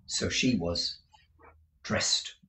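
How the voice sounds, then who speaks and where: A man reading a classic novel aloud, in a measured, expressive storytelling manner, with a few explanatory asides. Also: slight background noise. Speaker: narrator. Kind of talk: audiobook reading with commentary. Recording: roomy echo.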